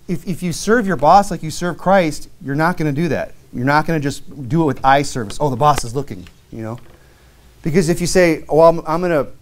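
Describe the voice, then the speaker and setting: A middle-aged man preaching a sermon from a church pulpit. His voice sits a little high for a man, and he talks in a loose, storytelling way, dropping in lots of "you know" and "right?" He reads scripture aloud, then puts it in plain words. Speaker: deacon preaching. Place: church sanctuary.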